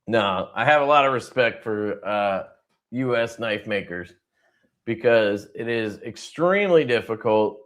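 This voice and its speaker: A man's voice: lowish voice, lively intonation, measured pace, fairly bright tone. A man hosting a casual livestream who rambles loosely, swears freely and laughs often. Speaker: livestream host.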